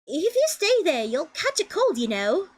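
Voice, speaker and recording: A woman voicing a fashionable, caring young woman in a game, with a put-on British accent and a cool, measured delivery. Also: extremely high pitch, big pitch swings, slight background noise, voice pushed up. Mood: gentle.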